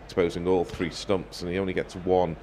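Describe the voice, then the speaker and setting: A male cricket commentator calls the play ball by ball with a measured, wry delivery. His voice sits on the low side, and there is a faint hiss under the stream. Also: level tone, darkish tone. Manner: wry, measured, quick to joke.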